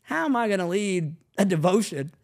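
A man co-hosting a podcast, telling family stories in a lively casual chat. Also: high-pitched, normal speed, gravelly. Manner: animated storyteller acting out quoted family lines. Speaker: podcast co-host, family ministry leader.

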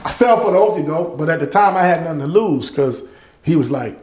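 A middle-aged music producer and label head from Louisiana, guesting on a podcast, tells lively anecdotes, acting out the people he quotes and laughing often. His voice is fairly high and a little fast, in a reverberant recording with a little hiss or hum.

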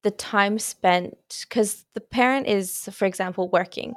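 Young female podcast host, mid-pitched, tentative questioner, dry close sound. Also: a little slow, dry recording. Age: young adult. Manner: hesitant questions with many sort-of fillers. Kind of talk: conversational podcast interview.

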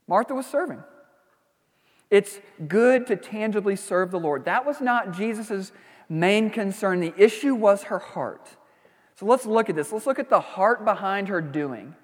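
A man's voice: high-pitched, expressive, unhurried, big-room sound. A man preaching a sermon as a pastor, reading scripture, praying and teaching in a conversational way with frequent asides.

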